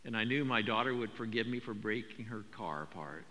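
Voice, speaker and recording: Older male pastor, bright voice, echoing hall. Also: on the low side, brisk. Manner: conversational, animated storytelling with repetitions. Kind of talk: sermon. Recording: long hall reverb.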